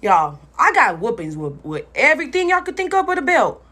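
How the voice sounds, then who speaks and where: Husky young woman, lively storytime voice. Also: high voice, a little fast. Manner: blunt and profane, talks straight to viewers. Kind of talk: casual storytime vlog.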